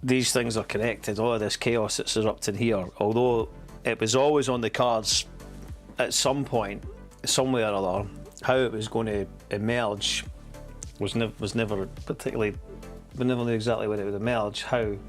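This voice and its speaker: A man's voice: fairly low pitch, steady tone, moderate pace, faint music behind. A Scottish man hosting a casual livestream, rambling and swearing freely, with chuckles along the way. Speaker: streamer host.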